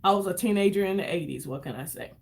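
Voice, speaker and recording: A woman's voice: mid-range voice, animated, quick pace, vocal fry. A woman in her fifties chatting casually on a livestream while doing her makeup, effusive and greeting viewers by name. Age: 50s.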